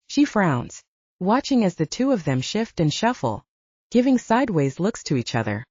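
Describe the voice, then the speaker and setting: A woman reading a novel aloud in an expressive narration. Her pitch moves a lot while her tone stays mellow and a bit low. The recording is dry and slightly dull. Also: moderate pace, breathy edge, no room sound. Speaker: audiobook narrator. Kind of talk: scripted narration.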